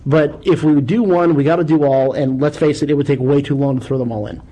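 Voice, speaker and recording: A man hosting a call-in radio show, chatting casually and animatedly with loud bursts of exclamation. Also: a little high, steady tone, quick pace, low-quality recording.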